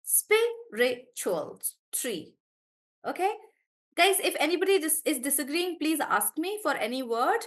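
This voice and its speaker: A woman's voice: high voice, expressive, a little fast, few pauses, fairly bright tone. A woman from South India with a South Indian English accent, teaching pronunciation in a live online class, encouraging and breaking words into syllables.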